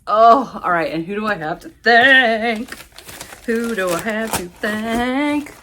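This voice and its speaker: A woman's voice: medium pitch, a little slow. Giggly, gushing woman book vlogger. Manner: giggly and gushing, squeals with excitement. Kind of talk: casual vlog chat.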